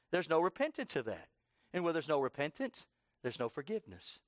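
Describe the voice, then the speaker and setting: A man with a fairly high voice delivers a church sermon that slips into spoken prayer, close and dry with little room sound. He swings from hushed pleading to loud, impassioned crying out, hammering phrases again and again for emphasis. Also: huge pitch swings, brisk, no room sound. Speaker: pastor. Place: church service.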